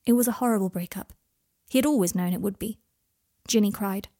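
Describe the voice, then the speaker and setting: A woman narrating a fan fiction story aloud in a plain, steady storytelling manner. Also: medium pitch, brisk.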